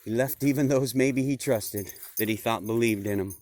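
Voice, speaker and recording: A man's voice: medium pitch, normal speed, a little mellow. A man giving a casual, folksy monologue, repeating himself and calling his listeners folks. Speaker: vlogger.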